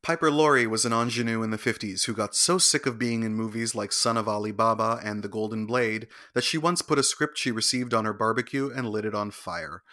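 A man co-hosting a show, reading celebrity birthday notes in a crisp, informative way with wry asides. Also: on the low side, a little fast, few pauses, bright, forceful tone, no echo. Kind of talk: scripted entertainment segment with banter.

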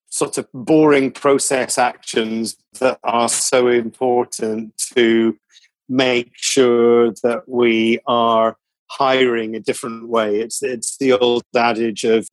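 A man's voice: mid-range voice, dry recording. Earnest man, dry close mic. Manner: reflective, earnest, restarts often. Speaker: radio company executive. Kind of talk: conversational interview.

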